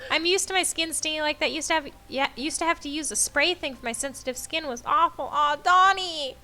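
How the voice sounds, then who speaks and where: A woman's voice: sits high, a little fast, bright, forceful tone. A young woman streaming a game, joking and teasing in casual banter. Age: young adult. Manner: giggly, teasing.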